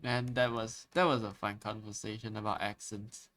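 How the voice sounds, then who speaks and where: A man's voice: on the low side, level tone, normal speed, fairly bright tone. A man casually chatting with his viewers while drawing on a live stream, laid-back and chuckling often, repeating words as he starts his sentences.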